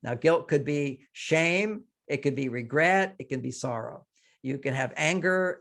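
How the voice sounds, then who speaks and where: Speaking in a slightly raised, gravelly, somewhat bright voice with lively intonation and an unhurried pace, an older man appears as a guest and relationship author. During the interview he offers relationship advice, illustrating his points by acting out short lines people might say.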